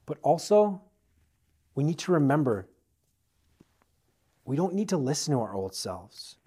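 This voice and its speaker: A man preaching a sermon in a fairly high voice. He presses hard on key lines, then drops to a near-hush for his personal appeals. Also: big pitch swings, unhurried, slightly rough. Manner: dynamic delivery, swinging from loud emphasis to hushed appeals.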